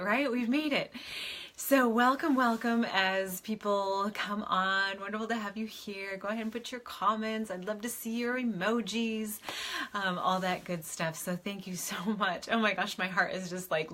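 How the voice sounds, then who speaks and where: A woman hosting a live stream as a spiritual advisor, gushing and effusive, repeating her warm greetings and laughing often. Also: medium pitch. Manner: repeats words for warmth, frequent laughs. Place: indoors.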